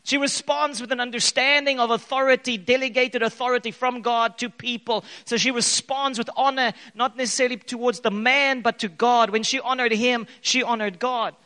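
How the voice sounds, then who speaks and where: A man preaching a sermon in an animated way, his voice echoing in a church hall. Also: very high voice, moderate pace, hardly any pauses. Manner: animated preaching with bursts of loud acted quotes. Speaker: pastor. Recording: long hall reverb.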